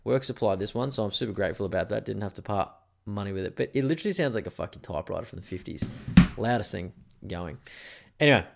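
A man's voice: fairly low pitch, expressive, fast, gravelly, slight background noise. Sweary laid-back Australian guy. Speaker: podcast host. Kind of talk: casual solo podcast chat.

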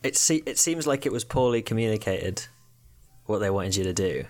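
A young man with a fairly low voice, co-hosting a casual podcast. He is laid-back and chimes in with dry remarks, over faint background music. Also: expressive, normal speed, darkish tone. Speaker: podcast co-host. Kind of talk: casual chat.

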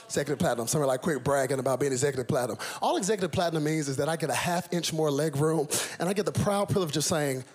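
A man preaching a sermon, telling comic stories and swinging from soft talk to loud, sung-out phrases. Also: on the high side, racing, husky.

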